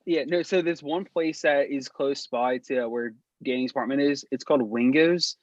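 A man's voice: medium pitch, moderate pace, no room sound, highs cut off. A young man co-hosting a casual chat among friends, rambling through stories with many fillers and restarts. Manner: rambling, heavy filler words. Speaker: podcast co-host.

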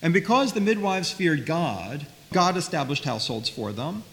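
Animated man teaching scripture in a reverberant hall. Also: a little high, moderate pace. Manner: animated, repeats words, asks questions of listeners. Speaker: Torah teacher. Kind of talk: lively Bible study lecture. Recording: faint hiss, long reverb.

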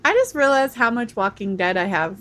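A woman's voice: fairly high pitch, animated, a little fast, a bit bright, a little hiss or hum. A woman co-hosting a casual chat, giggly and teasing, full of fan enthusiasm. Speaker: podcast co-host.

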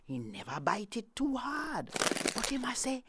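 A woman with a Jamaican accent telling an Anansi folk tale in patois, dramatic and lively, dropping into hushed whispers. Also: a little high, measured pace, heavy background noise. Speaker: storyteller.

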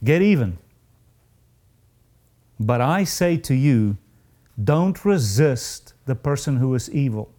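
A man preaching a sermon in an earnest, confessional way, rising high in pitch when he reads out the hardest verses. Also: expressive, takes it slowly, pauses often, mellow.

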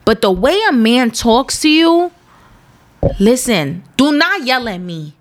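Young woman host, blunt and emphatic, slightly higher voice, casual podcast chat. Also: very animated. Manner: candid, emphatic, talks in quick bursts.

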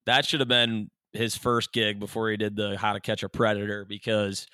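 A young man riffs and rambles through jokes in a casual podcast chat, full of fillers and half-finished thoughts. His voice is bright and crisp, recorded dry and close with no room sound. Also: lowish voice, flat delivery, moderate pace, no room sound. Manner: rambling, jokey, lots of fillers. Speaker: podcast co-host.

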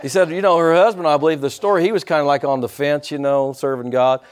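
An older man preaching a sermon, animated and calling out to his congregation. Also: on the high side, quick pace. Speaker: pastor.

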